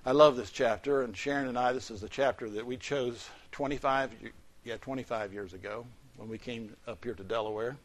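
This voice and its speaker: Pastor preaching with loud, swelling emphasis. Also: male voice. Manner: swings from loud emphatic peaks to soft low asides; reads scripture in a slow, stressed cadence. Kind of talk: sermon.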